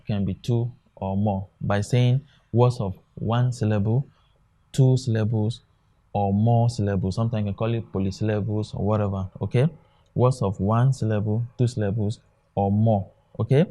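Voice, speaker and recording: A man's voice: on the low side, warm tone. A man teaching an exam-prep lesson, often asking a question and answering it himself. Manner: drilling, asks questions then answers them himself. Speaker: English tutor.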